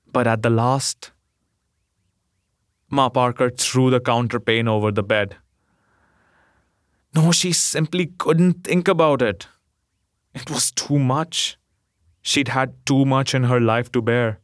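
Male narrator, steady mid pitch, very unhurried, gentle, dry booth sound. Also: dry recording. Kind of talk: scripted story reading.

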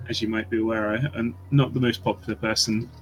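A man's voice: fairly low pitch, little pitch movement, fairly quick, soft background music. A man playing a tabletop game, speaking hesitantly. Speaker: player. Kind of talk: tabletop role-play.

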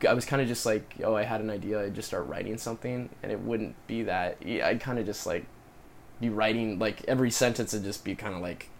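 A man's voice: fairly low pitch, fairly quick, gravelly, slight background noise. A man co-hosting a podcast in casual chat, talking in a rambling way about his acting classes and writing. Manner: rambling, many restarts and fillers. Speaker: podcast co-host and acting student.

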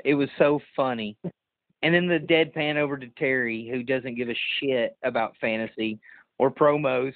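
A man's voice: medium pitch, moderate pace, dry recording. Laughing storyteller man, tinny sound. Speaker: podcast host. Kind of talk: casual chat.

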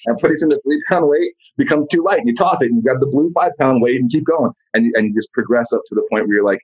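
A man as a podcast guest in casual motivational talk, blunt and profane, telling animated stories. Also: medium pitch, fast talker, few pauses, husky, rough recording.

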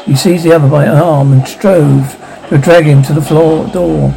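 Gravelly man reading a ghost story. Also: a little high, steady tone, normal speed, warm tone, a little hiss or hum, low-quality recording. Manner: dramatic reading, voices characters lightly. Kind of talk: audiobook narration of a ghost story.

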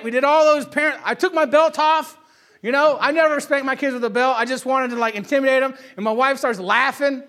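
A man in his thirties tells a family story with a high voice. His tone is bright and forceful. He keeps checking in with the listener with a quick "right?". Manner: animated storyteller, often asks "right?". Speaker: father telling a family story. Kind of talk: casual personal anecdote.

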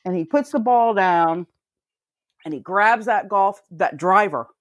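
A woman's voice: medium pitch, measured pace, no echo, studio quality. A woman co-hosting a podcast, chatting casually and telling stories full of swearing and laughter. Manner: swearing storyteller, laughs often. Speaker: podcast co-host. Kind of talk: casual chat.

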